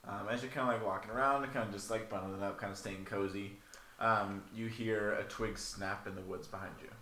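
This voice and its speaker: A man runs a tabletop game, describing the scene in casual phrasing dotted with "um" and "like." His voice sits on the low side. The room is echoey, with a faint hiss behind it. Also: fairly even intonation, a little fast, pushed and bright. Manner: casual narration, with frequent "um" and "like". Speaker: game master.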